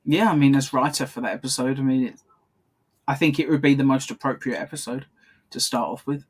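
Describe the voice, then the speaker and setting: A man's voice: mid-range voice, steady tone, brisk, slightly rough. A man co-hosting a casual episode commentary podcast, chatty and rambling, laughing often as he talks. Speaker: podcast co-host.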